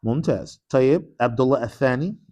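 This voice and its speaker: The teacher's mid-range voice is animated and racing, with a darkish tone and the highs cut off. Leading an Arabic class in a mosque classroom, he mixes English with short Arabic phrases, drills the students call-and-response style, and repeatedly prompts "what?"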